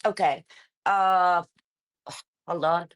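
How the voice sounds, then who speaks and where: A middle-aged woman speaks with an Iraqi Arabic accent in a pitch sitting a touch low for a woman. She is animated and chatty, full of restarts and fillers. Quick laughs break up her sentences. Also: clear, resonant tone. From Iraq. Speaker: political candidate, guest. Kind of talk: conversational interview.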